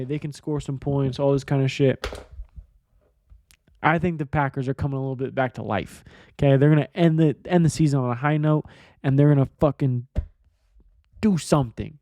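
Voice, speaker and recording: Mellow, laid-back sports podcaster man. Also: medium pitch, dry recording. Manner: casual, profane, rambling. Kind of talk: casual sports betting picks.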